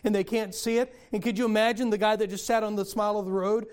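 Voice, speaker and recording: An older man preaching a sermon in a folksy storytelling way, with sudden loud bursts. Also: high-pitched, little pitch movement, fast, clean tone. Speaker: pastor.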